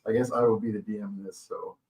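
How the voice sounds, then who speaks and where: A man acting as the judge in a comic party game, talking in wry, halting banter full of restarts. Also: on the low side, little pitch movement, a little mellow, reverberant, far from the mic. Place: hotel room.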